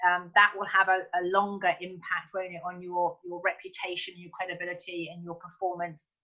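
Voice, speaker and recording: Bright-voiced woman host on a dull line. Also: on the low side, monotone, a little fast. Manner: thinking aloud, with fillers and restarts. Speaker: interviewer and podcast host. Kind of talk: interview questions and comments.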